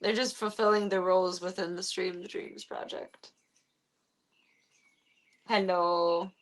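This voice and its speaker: A woman's voice: fairly low pitch, fairly even intonation, moderate pace. A woman live-streaming, talking casually to her viewers and cooing baby-talk at a foster cat. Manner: coos and baby-talks to the cat between chatty asides.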